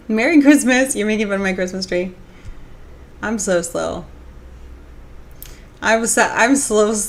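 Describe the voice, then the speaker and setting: A young woman streaming live, chatting casually and reading out viewer comments, rambling with lots of restarts and filler words. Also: medium pitch. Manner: rambling, restarts, many "like"s, reads chat comments aloud.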